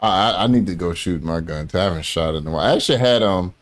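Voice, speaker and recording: A man's voice: low voice, lively intonation, fast. A man hosting a casual chat, telling loose, profane stories with lots of fillers. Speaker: host.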